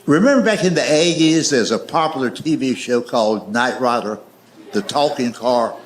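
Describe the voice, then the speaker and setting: Standing on a comedy stage before a live audience, a stand-up comedian spins folksy stories in a drawling, deadpan style. His voice is medium in pitch and moderately paced, and the live venue sounds echoey.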